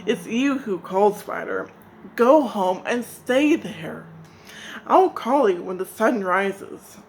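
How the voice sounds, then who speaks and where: Old male crow elder in a storybook, stern and measured, slow firm scolding, played by a woman. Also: mid-range voice, animated, slight background noise, low-quality recording.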